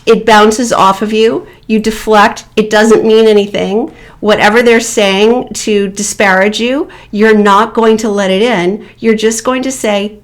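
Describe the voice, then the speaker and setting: A woman giving calm, measured advice as a divorce coach in an online video, with deliberate pauses. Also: mid-range voice.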